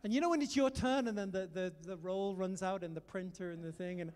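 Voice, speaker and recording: British male preacher, high-pitched, lively storyteller who exhorts the room; recorded with long hall reverb. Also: fairly quick, smooth. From Britain. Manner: animated storytelling, exhorting the audience. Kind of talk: sermon.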